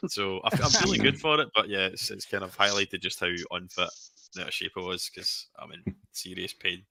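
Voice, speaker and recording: A man's voice: sits low, fairly even intonation, a little fast, gravelly, sharp tone, dry recording. A man from England co-hosting a casual movie live stream, easygoing and self-deprecating. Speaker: co-host.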